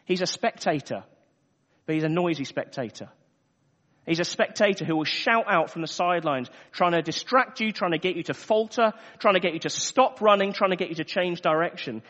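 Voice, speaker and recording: A man's voice: sits high, a little fast, a bit bright. A man preaching a sermon earnestly, repeating phrases for emphasis. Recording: echoey hall, dull lo-fi sound.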